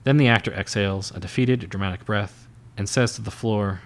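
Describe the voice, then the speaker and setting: A man's voice: on the low side, fairly quick. A man reading a novel aloud for a podcast in a loose, casual way, stumbling and restarting now and then. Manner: unpolished, stumbling restarts and chuckles.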